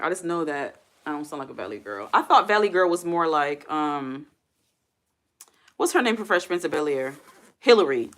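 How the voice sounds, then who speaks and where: A woman hosts a relaxed livestream, talking through her thoughts and replying to viewer comments. Her voice sits a little low for a woman. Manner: chatty, thinks aloud, answers viewer comments. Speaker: livestream host. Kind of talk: casual livestream chat.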